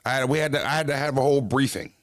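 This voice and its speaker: A man's voice: mid-range voice, steady tone, very fast, no echo. Give me a man talking on the move, profane and rambling, dry close sound. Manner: profane, rambling storyteller who shouts out viewers. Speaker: battle rapper vlogging. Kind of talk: casual walking vlog chat. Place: outdoors, walking.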